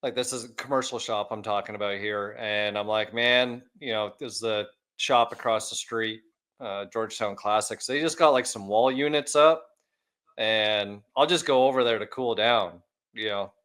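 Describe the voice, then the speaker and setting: A man's voice: fairly low pitch, normal speed, fairly bright tone. Laid-back rambling man chatting. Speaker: podcast co-host, shop owner. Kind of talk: casual chat.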